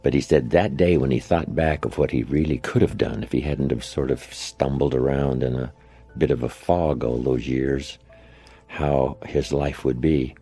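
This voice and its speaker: This older man's very deep, mellow, slightly rough voice keeps fairly even intonation at a moderate pace. Telling anecdotes in a chatty way with tag questions, he gives a motivational storytelling speech, heard in an archived lecture-hall recording with faint background music.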